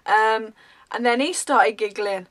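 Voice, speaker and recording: A woman vlogger telling a story in a rambling, animated way, full of ums. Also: a little high, takes it slowly. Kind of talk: casual storytelling.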